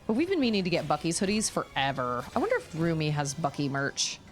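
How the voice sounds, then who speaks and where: Chatty woman streamer, lively voice. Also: low-pitched, fast, soft background music. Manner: chatty, rambling, exclamatory. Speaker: gaming streamer. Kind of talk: casual chat while playing.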